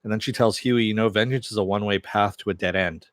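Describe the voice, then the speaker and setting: A man's voice: lowish voice, fairly even intonation, quick pace, dry recording. A man casually recapping a TV episode, retelling scenes loosely with lots of fillers and quoted lines. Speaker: TV show reviewer.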